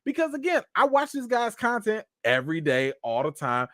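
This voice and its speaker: Male stream host, lively, self-mocking storyteller, slangy delivery, dry sound. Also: sits high, normal speed, hardly any pauses, dry recording. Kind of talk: casual storytelling.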